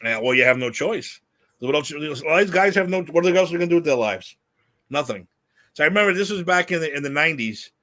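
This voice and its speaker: A man's voice: a little high, animated, quick pace, pushed and bright. Rambling, laughing podcast co-host man. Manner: rambling, laughs often, restarts. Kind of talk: casual chat.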